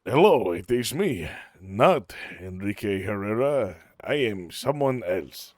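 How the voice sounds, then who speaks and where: A man voicing a smooth grown man who speaks in an affected foreign accent, slow and over-polite. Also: fairly low pitch, animated, darkish tone, no echo, studio quality, voice pushed down. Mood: suave.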